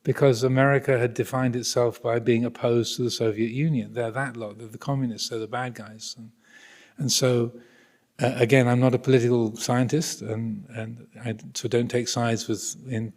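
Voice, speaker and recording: A Buddhist monastic teacher giving a thoughtful, hesitant Dharma talk with many restarts, in a monastery hall. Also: male voice, mid-range voice, level tone, moderate pace, darkish tone. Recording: reverberant hall recording.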